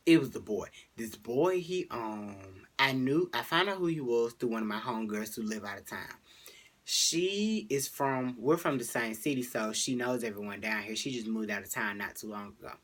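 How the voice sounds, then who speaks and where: A teenage boy tells a storytime to his camera in a loose, rambling way, full of fillers. His voice sits at an average pitch with a husky, breathy edge. For quoted lines he leaps high and sometimes sinks into whispers. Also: expressive, normal speed, a bit bright. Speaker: vlogger. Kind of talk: casual storytime vlog.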